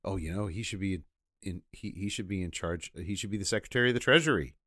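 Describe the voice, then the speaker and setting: A man's voice: low-pitched, fast talker, fairly bright tone, dry recording, clean studio sound. A man co-hosting a podcast, adding wry jokes and laughing along in casual movie chat. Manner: wry, joking asides with frequent laughter. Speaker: podcast co-host.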